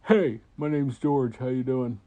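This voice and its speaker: A man's voice: medium pitch, steady tone, a little slow, mellow, lightly acted. A man voicing a friendly, lonely giant dragon in a bedtime story, cheerful and eager to please.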